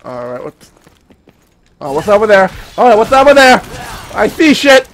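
High-pitched, excitable young man gaming. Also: moderate pace, a little hiss or hum. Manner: excitable, profane, makes sound effects while playing. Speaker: gaming commentator. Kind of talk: let's play commentary.

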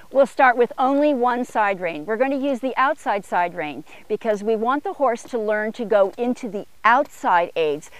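A woman's voice: mid-range voice, no echo. Woman trainer explaining horse longeing. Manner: calls short commands to the horse, rising for upward gaits. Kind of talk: instructional demo while longeing a horse. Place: outdoor arena corner.

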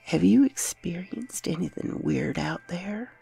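Woman putting on a thick-drawled southern pawn shop guy, blunt and folksy, gravelly edge, jumps around a lot. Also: fairly low pitch, very animated, normal speed, soft background music, full character voice. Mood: whispered. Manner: blunt, folksy, drops to a hushed warning. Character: wary middle-aged Southern male pawn shop clerk.

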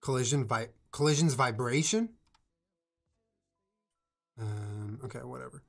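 A man's voice: mid-range voice, a little slow, gravelly, soft background music, poor audio. A man streaming a trucking game, chatting casually with viewers and friends in trucker radio lingo. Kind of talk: casual gaming stream chat.

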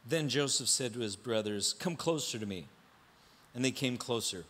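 Bright-voiced pastor preaching with drama. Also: male voice, medium pitch, expressive, moderate pace. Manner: dramatic, acts out quoted voices, rhetorical questions. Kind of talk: sermon.

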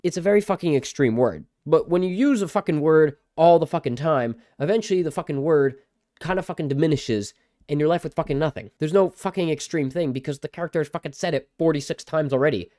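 A man's voice: a little high, fast talker, mellow, dry recording, studio quality. A man reviewing a show in a mock rant, swearing constantly with a sarcastic edge. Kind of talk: profanity-laden mock rant.

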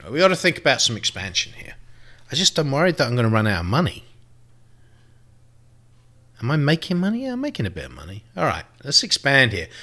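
Lively man thinking aloud over a game. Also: lowish voice. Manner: thinks aloud, swears freely, lively asides. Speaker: let's play host. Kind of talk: casual gameplay commentary.

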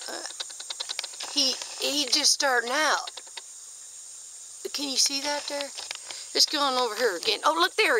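A woman, chatting in a folksy, easily excited way as she films bugs in her backyard garden on a handheld camera. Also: high-pitched, background noise. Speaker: nature vlogger. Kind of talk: casual nature walk-and-talk.

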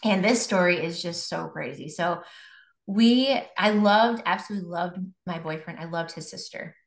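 A woman's voice: on the low side, moderate pace. A young adult woman from Buffalo, New York, telling her personal faith testimony as a guest, chatty and full of fillers and restarts. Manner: conversational, many fillers and restarts. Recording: roomy echo.

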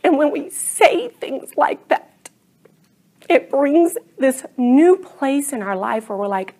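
A woman's voice: high voice, big pitch swings, slow, mellow. A middle-aged woman teaching a class Bible study, earnest and enthusiastic, often drawing her words out.

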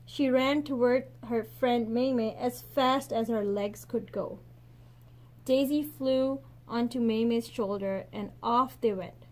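Expressive woman reading a picture book. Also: on the high side. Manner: expressive, slows and softens at gentle endings. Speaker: teacher.

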